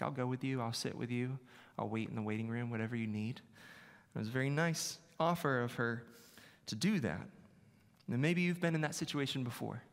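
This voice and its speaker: A man's voice: mid-range voice, a bit bright. A male pastor preaching a sermon in a conversational, self-deprecating way, repeating his key phrases. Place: church sanctuary. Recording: long reverb of a large hall.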